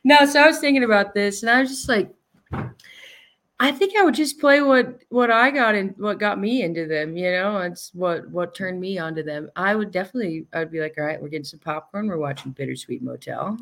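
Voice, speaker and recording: Young female co-host, mid pitch, giggly and chatty. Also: a bit bright. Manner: giggly, chatty, quick anecdotes. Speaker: podcast co-host. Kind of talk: casual chat.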